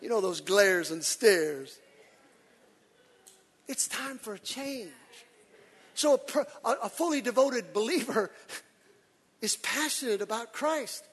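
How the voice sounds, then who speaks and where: A man preaching to his congregation with a high, bright, slightly breathy voice that leaps up and down as he acts out little scenes. He swings from hushed asides to shouted exclamations. His words ring out with a long reverb in a big church hall. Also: slow, pauses often. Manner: animated, preacherly, acts out quotes with shouts and laughs. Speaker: pastor. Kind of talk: sermon.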